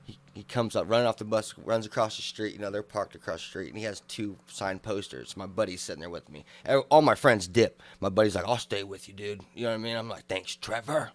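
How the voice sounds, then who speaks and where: A man, co-hosting a podcast and telling a wild story in a loud, profane, animated way. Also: fairly low pitch, fast talker. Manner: animated, profane storytelling, acting out drunk shouts. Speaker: podcast co-host. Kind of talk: casual storytelling chat.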